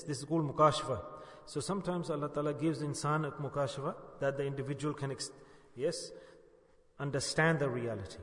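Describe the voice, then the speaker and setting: Male preacher, higher-pitched voice, earnest storytelling sermon, recorded in a reverberant hall. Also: a bit bright. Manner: earnest, storytelling, asks rhetorical questions. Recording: echoey hall with long reverb.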